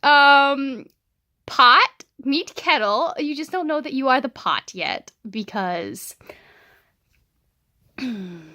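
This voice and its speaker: Chatty animated woman vlogging about books. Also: high voice, slow pace, pauses often. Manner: chatty and animated, laughing, many ums. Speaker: book vlogger. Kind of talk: casual reading vlog chat.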